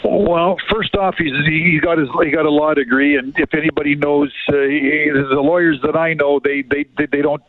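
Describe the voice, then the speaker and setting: Older club executive calling in, choppy phrasing with constant restarts, narrow tinny phone sound, slightly high and monotone. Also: male voice. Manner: halting, many fillers and restarts. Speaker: hockey team general manager. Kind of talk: phone-in radio interview.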